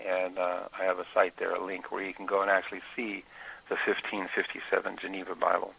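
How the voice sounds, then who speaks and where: Male Bible teacher, informal talk, bright gravelly tone, pauses a lot to think. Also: low voice, completely flat delivery, low-quality recording. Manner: explanatory, with frequent filler pauses.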